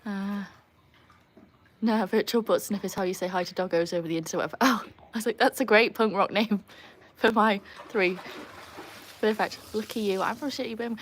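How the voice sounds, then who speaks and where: A young woman from England and Wales chatting casually with viewers on a live stream from beside a home pool. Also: fairly high pitch. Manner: chatty, answers viewers, cheers loud woohoos at the dog. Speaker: livestream host with her dogs. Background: pool pump and faint outdoor ambience.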